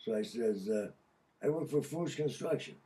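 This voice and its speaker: An older man from Connecticut telling a story casually, profane and animated, laughing mid-sentence. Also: on the low side, moderate pace, distant mic. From Connecticut, USA. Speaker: podcast guest.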